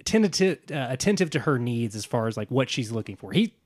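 A man co-hosting a casual film podcast, animated and rambling, laughing often as he talks. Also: medium pitch, fast, no room sound, studio quality. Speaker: podcast co-host.

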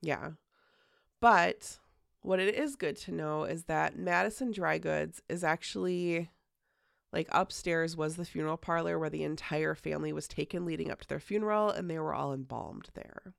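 A woman's voice: sits low, moderate pace, vocal fry, no echo, studio quality. A woman hosting a podcast, telling a story in casual chat, full of "like" fillers and casual swearing. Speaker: podcast host.

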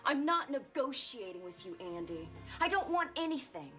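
A woman's voice: high voice, sing-song, moderate pace, fairly bright tone, soft background music. An actress playing a restless young wife in a TV drama, bitter and cutting as she leaves her husband. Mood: scornful. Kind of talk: TV drama acting.

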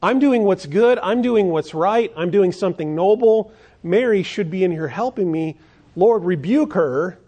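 A man's voice: high-pitched, lively intonation, a little slow, dark tone, husky, pitched above the performer's own voice, heavily acted. A man voicing a stressed-out woman who complains that she has been left alone to do all the work. He speaks her lines in an indignant, pleading way. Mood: exasperated.

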